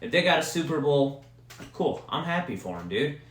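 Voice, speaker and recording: A man's voice: a little high, very animated, normal speed. A man from Wisconsin hosting a solo podcast, ranting about football with heavy profanity. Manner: profane, heated sports ranting. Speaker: podcast host. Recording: roomy echo.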